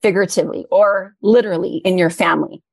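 A woman's voice: on the low side, fast talker, vocal fry, no echo. A middle-aged woman talking earnestly and with feeling as an interview guest, a little emotional at times. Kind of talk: interview conversation.

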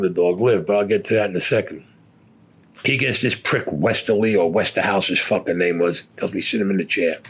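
A man bluntly recounting a war story in rough, profane, casual speech. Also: on the low side. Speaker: veteran storyteller.

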